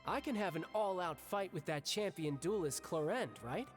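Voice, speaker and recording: A cocky, fight-hungry young warrior. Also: male voice, sits high, expressive, moderate pace, soft background music. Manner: breezy, cocky.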